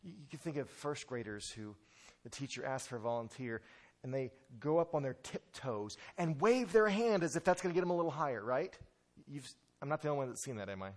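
A man's voice: mid-range voice, lively intonation, brisk. A male pastor preaching a sermon in an emphatic way, often repeating words as he restarts.

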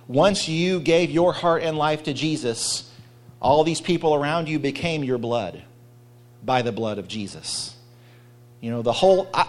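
Casual, chatty male pastor preaching. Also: a little high. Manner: casual, rambling, self-deprecating preaching with mock voices. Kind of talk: sermon.

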